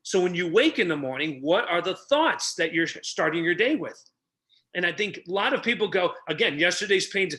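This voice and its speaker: A middle-aged man who tells stories with a lot of energy on a podcast and acts out the people he quotes. He works as a relationship coach. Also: fairly quick. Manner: energetic, acts out quotes with big pitch jumps. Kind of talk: animated storytelling.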